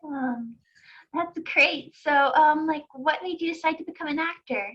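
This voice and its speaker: A woman's voice: sits high, moderate pace, a bit bright, muffled recording. A woman interviewing a guest over a video call, reacting upbeat and asking casual questions.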